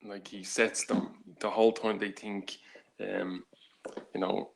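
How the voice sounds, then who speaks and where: A man talking casually as a panelist on a live stream, animated and laughing, with a lot of restarts. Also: lowish voice, slow, vocal fry. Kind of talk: casual chat.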